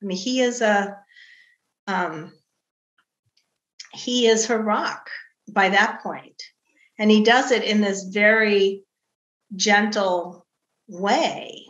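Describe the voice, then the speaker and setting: Bright-voiced woman novelist, echoey room. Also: medium pitch, takes it slowly, pauses often, dull audio. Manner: animated storytelling, acts out quoted family voices. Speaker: novelist discussing her book. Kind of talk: casual book discussion. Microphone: video call.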